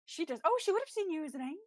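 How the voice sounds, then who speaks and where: A woman's voice: very high-pitched, dry recording, clean studio sound. A woman playing a tabletop game over a voice call, teasing the group and laughing a lot. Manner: playful teasing, lively laughs. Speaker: player. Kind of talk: casual chat during a tabletop game. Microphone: home mic on a voice call.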